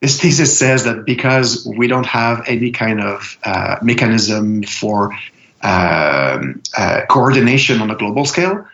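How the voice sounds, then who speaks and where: A man in casual conversation, talking with many fillers, restarts and pauses. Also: fairly low pitch, fairly bright tone, muffled recording.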